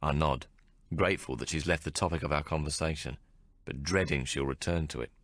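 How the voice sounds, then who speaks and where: A man reads a first-person novel in a very low, deep voice, holding his pace measured and restrained. He is close on the mic in a dry booth with no room sound. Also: steady tone, fairly bright tone, dry recording. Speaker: audiobook narrator. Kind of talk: first-person audiobook narration.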